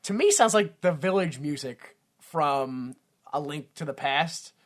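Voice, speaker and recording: A man's voice: a little high, expressive, a little slow. Profane rambling podcast host, man. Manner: rambling, profane, acts out silly voices. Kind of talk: casual comedic chat.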